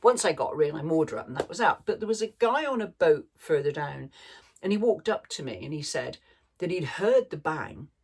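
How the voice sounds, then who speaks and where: A woman's voice: sits low, expressive, brisk, a little mellow, breathy edge. A woman vlogger telling a rambling story in a chatty way, laughing now and then. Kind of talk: casual storytelling chat.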